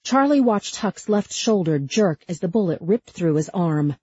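A woman narrates an audiobook in a measured, tense way, her voice low and husky. The recording is dry and a little dull. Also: expressive, warm tone, no echo. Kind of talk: scripted narration.

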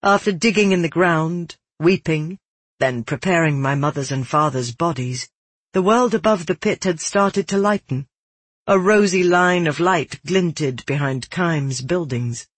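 Husky-voiced man narrating a somber fantasy. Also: fairly high pitch, a little slow, no echo. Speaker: audiobook narrator. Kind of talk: first-person fantasy narration.

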